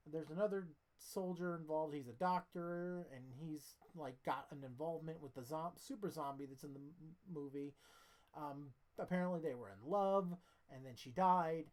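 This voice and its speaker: A woman's voice: low-pitched, darkish tone. A sleepy woman giving a casual, rambling film review as the channel host, often restarting her sentences and swearing casually. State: sleepy, yawning.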